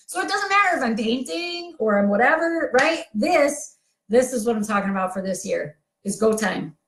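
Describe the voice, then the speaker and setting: A woman coach giving a blunt, energetic motivational talk to camera. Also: fairly high pitch, normal speed, reverberant. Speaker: coach for sensitive people.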